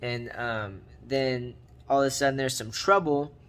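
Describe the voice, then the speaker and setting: A man's voice: medium pitch, unhurried, a bit bright. A man giving a casual comedic recap of a movie, rambling in slang and repeating catchphrases. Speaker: movie reviewer.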